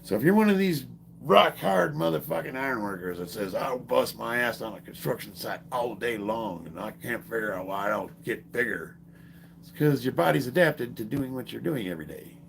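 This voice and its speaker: A man's voice: medium pitch, normal speed, vocal fry, slight background noise. A middle-aged man, a strength athlete, chatting to viewers on a casual livestream and telling profane, joking stories. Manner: profane, joking, animated storyteller. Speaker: strength athlete and fitness streamer. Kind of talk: casual livestream chat and storytelling.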